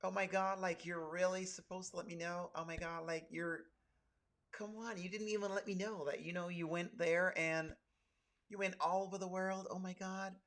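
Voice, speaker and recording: Guy doing a soft breathy gushy white girl voice, oh-my-god-ing nonstop, kinda condescending. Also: sits high, level tone, moderate pace. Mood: gushing. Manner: breathy, gushing, fillers like "oh my God". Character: gushing condescending white woman, young adult.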